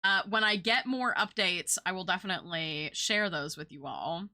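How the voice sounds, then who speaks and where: A woman's voice: on the low side, normal speed, sharp tone. A young woman streaming, chatting casually with her viewers in a rambling, talkative way and swearing now and then.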